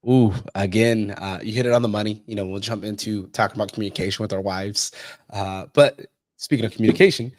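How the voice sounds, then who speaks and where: Guy rattling off stories fast, low voice, cusses a lot, super dry close sound. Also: dry recording. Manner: blunt, swears freely, animated storytelling. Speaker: podcast host. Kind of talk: casual podcast chat.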